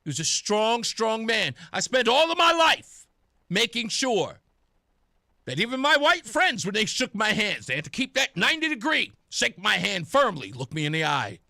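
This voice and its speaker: A young male talk radio host with a high, bright voice that swings widely as he rants. He speaks in an emphatic, sarcastic monologue, close to a dry studio microphone. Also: very animated, moderate pace, vocal fry, dry recording. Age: young adult.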